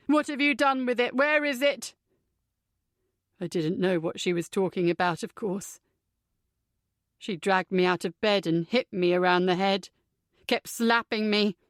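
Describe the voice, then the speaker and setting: A woman voicing a troubled young man who speaks quietly, flatly and bitterly. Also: medium pitch, no room sound, clean studio sound, close to an everyday voice.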